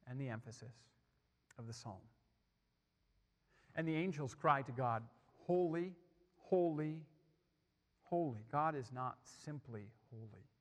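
A man preaching a sermon, building emphasis and then dropping to soft, hushed lines. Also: mid-range voice, big-room sound.

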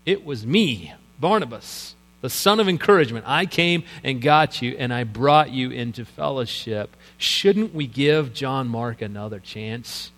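A man's voice: medium pitch, expressive, unhurried, few pauses, a bit bright, voice pushed down. A man voicing a loyal, encouraging apostle who pleads urgently for a second chance for a friend. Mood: pleading. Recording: long church reverb.

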